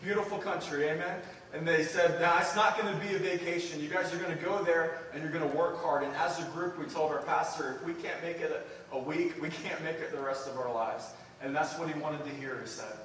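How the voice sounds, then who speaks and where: A man preaching a sermon and telling a mission story, speaking earnestly and building to excited emphasis as he addresses the church. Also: fairly high pitch, fairly quick, a little hiss or hum. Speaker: preacher sharing a mission report. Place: church sanctuary. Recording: echoey hall, distant mic.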